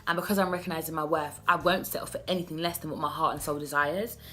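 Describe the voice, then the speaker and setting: Earnest young woman vlogging, low voice. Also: fairly even intonation, quick pace, fairly bright tone. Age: 20s. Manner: earnest, direct address with many restarts. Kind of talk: heartfelt self-love vlog talk.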